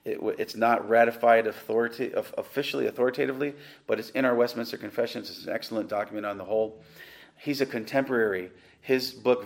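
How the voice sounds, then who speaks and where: This is a middle-aged man teaching a class as a pastor, his voice sitting at an ordinary middle pitch. He lectures with strong emphasis. He often breaks off into loose, rambling asides and then returns to the material.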